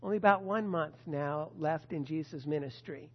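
Storytelling his way through scripture, this preacher poses rhetorical questions to his audience and speaks directly to a disciple. The mid-range voice keeps a moderate pace, with a long reverb tail on a muffled recording.

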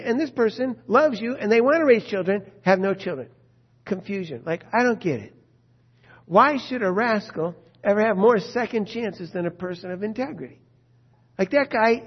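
A husky, rather high-voiced man preaches with passion, pressing question after question on his listeners. The recording is dull and lo-fi, and his tone keeps an urgent edge throughout. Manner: impassioned, rhetorical questions. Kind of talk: sermon.

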